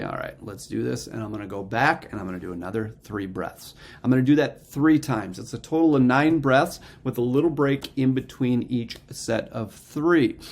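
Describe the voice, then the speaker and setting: Man with a gravelly voice, mid pitch, meditation teacher, explains step by step, casual lesson. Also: darkish tone. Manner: explains step by step, often checks in with "okay?". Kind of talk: casual instructional talk.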